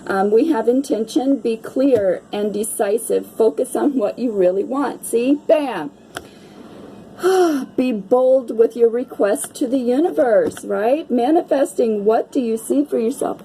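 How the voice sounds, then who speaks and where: A woman's voice: on the high side, a little slow, gravelly, mellow, a little hiss or hum, rough recording. A woman giving a casual oracle card reading to viewers, chatty and gushing, often asking "right?" and swearing lightly.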